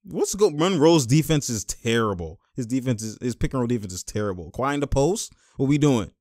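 A young man hosting casual game-watching commentary, animated and full of exclamations and laughter. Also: medium pitch, fairly quick, no echo, studio quality. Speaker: host.

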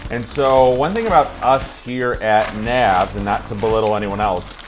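A man's voice: fairly low pitch, moderate pace, noisy background. A man showing how to bag popcorn while coaching acting, talking casually and laughing often in a popcorn shop. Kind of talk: casual hands-on demonstration.

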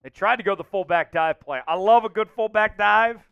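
A man hosting a livestream and calling the plays of a simulated football game, reading names from the chat and getting loud on big plays. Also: high-pitched, normal speed, vocal fry, clear, resonant tone, lo-fi sound, soft background music. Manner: excitable, shouts out chat names and hypes touchdowns. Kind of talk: live play-by-play commentary.

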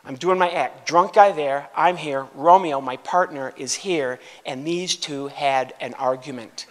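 A man's voice: on the high side, measured pace. A male ventriloquist comedian doing stand-up on a stage, playfully teasing audience members and telling stories. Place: large venue stage. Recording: reverberant hall, faint noise.

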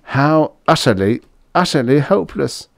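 An impulsive, frazzled man who bursts out with excited exclamations, his voice raised above the narrator's plain tone. A male narrator plays him in a close, dry storybook reading. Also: fairly high pitch, a little slow, gravelly, no room sound, voice pushed up. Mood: excitable. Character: excitable, impulsive middle-aged man, frazzled android owner.

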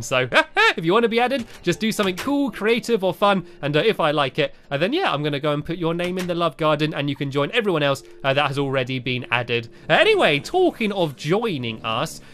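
A man giving playful, excitable commentary over a video game, often filling pauses with "uh". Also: a little high. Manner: animated and excitable, frequent "uh" fillers. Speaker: gaming video host. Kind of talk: playful let's-play commentary.

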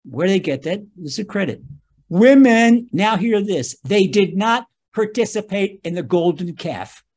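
A man's voice: high voice, lively intonation, normal speed, darkish tone, slightly rough. A man, a rabbi, giving a spoken Torah lesson, emphatic and talking straight to his listeners, often repeating his key phrases.

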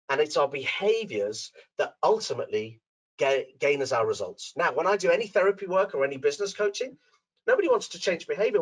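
A middle-aged man presenting a webinar from home, telling stories and acting out the people in them. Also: rough recording. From Liverpool, England. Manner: acts out characters in his anecdotes with big pitch swings. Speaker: dental coach and webinar presenter. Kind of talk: animated webinar talk with storytelling. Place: room at home.

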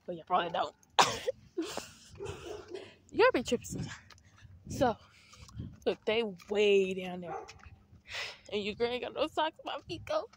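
A woman's voice: mid-range voice, sing-song, measured pace, pauses often, a little hiss or hum. A teenage girl vlogging to her viewers on an outdoor walk, rambling, swearing freely and out of breath. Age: teens. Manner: rambling, profane, chatty, addresses viewers as y'all. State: out of breath while walking. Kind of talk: casual vlog talk to viewers.

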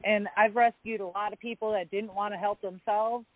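A woman's voice: mid-range voice, steady tone, normal speed, no echo. Woman, caller, blunt and emphatic, tinny phone line. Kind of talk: casual call-in talk.

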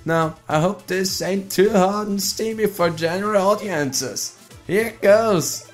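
A man's voice: sits high, measured pace, soft background music, voice pushed up. A man doing a folksy elderly blobfish. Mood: flirty. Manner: doddering, folksy, coquettish.

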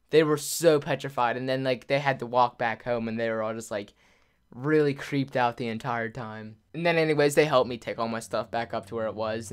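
A man's voice: medium pitch, clean tone. Rambling young man telling a story. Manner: rambling, full of "like", laughs often. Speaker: YouTuber. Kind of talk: casual storytelling to camera.

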